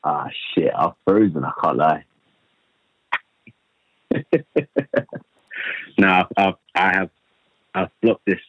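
A man's voice: sits low, slow, pauses often, no echo. Flustered Hertfordshire man on a dull call. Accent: English, Hertfordshire. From England. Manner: nervous, laughing, stumbling. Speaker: caller. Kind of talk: casual phone chat.

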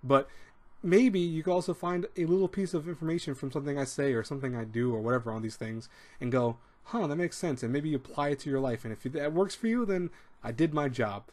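A man's voice: fairly high pitch, quick pace, a little mellow. Rambling man giving casual advice. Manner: rambling, repeats words, acts out quoted speech. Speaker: advice show host. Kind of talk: casual advice talk to camera.

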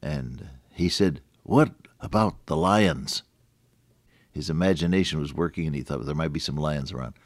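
A man's voice: a bass voice, brisk, hardly any pauses, darkish tone, no echo, clean studio sound. An older man giving a folksy radio sermon, chatty with frequent restarts and chuckles. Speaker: radio preacher.

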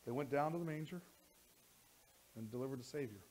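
A male pastor delivers a sermon in a church, moving from conversational passages to loud, emphatic bursts. His speech is full of restarts and repeated words, and his pitch sits in the middle. A faint hum of noise is heard behind him. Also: a little fast, rough recording. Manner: animated, rising to near shouting when worked up.

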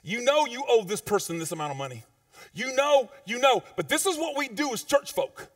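A man preaching a sermon as pastor, in a conversational, informal way with slang, swinging between loud emphatic peaks and low quiet asides. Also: very animated, brisk, no echo, clean studio sound, distant mic. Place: church sanctuary.

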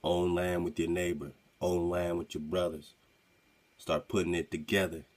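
Very deep-voiced male radio host; emphatic, questioning commentary. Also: moderate pace. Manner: emphatic, animated interjections and rhetorical questions. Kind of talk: commentary over a played clip.

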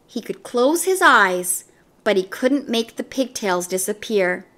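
A woman reading a children's book aloud, slow and expressive. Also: a little high. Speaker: storyteller.

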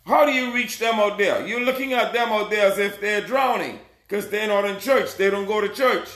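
Male preacher with a high, sharp voice, urgent and scolding, shouting his sermon in an echoey room. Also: moderate pace. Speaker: self-proclaimed messiah preacher. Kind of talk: fiery street-style sermon. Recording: roomy echo.

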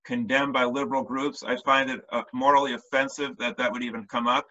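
A man's voice: mid-range voice, fairly even intonation, a little fast, bright, forceful tone. A man hosting as rabbi on a video call, speaking earnestly with stammering restarts. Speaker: rabbi, host. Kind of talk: Zoom discussion. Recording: dull lo-fi video call audio.

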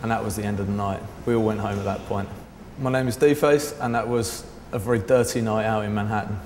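Casual storyteller, a man who rambles and swears, pitch jumping up for quotes, recorded in a reverberant room. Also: steady tone, a little fast, darkish tone, slight background noise. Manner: rambling, says "like" often, swears freely; raises his pitch sharply to act out quoted people. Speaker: artist telling a story. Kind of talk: casual anecdote to camera. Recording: echoey room with long reverb.

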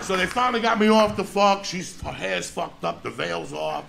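A gravelly, fairly high-voiced man rattles off a foul-mouthed stand-up tale, often breaking into shouts. He plays a roomy venue, with loud audience laughter rolling under him. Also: animated, a little hiss or hum. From New Jersey. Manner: profane, shouting, rapid-fire storytelling. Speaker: stand-up comedian. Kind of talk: stand-up storytelling. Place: comedy stage before a live audience.

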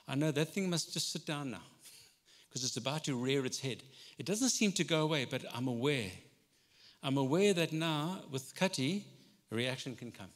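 In a church hall with long, lingering reverb, a male pastor preaches in a relaxed, conversational way. He swings between rising, pressing intensity and a near hush, speaking expressively at a normal speed. His voice is a little high for a man.

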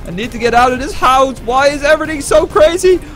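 Brief: high-pitched male gaming YouTuber, frantic stammering play-by-play. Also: animated, a little fast, a bit bright, soft background music. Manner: panicky and stammering. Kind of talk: gameplay commentary.

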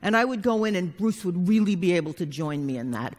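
A woman's voice: on the low side, lively intonation, brisk, a little mellow. A woman therapist telling a personal story to a live audience, frank and plainspoken, now and then swearing. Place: conference hall. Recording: long hall reverb.

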